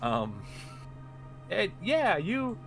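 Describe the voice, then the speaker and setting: A man's voice: high voice, wildly swooping pitch, drawn-out words, vocal fry, fairly bright tone, faint music behind. Rambling male game master. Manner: rambling, full of "like" and "um". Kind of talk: narrating a tabletop game.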